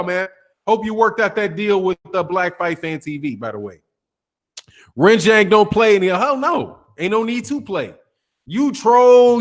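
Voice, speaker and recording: A man hosting a casual boxing live stream, reading out viewer names and comments in loose, slangy talk. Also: high voice. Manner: loose, slangy, greets chatters one by one.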